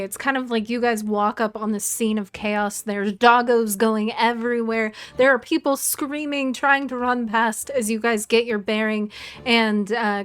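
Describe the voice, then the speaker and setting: A woman's voice: a little high, clear, resonant tone. A woman running a tabletop game as game master, narrating chaotic scenes in a playful, rambling way with many fillers.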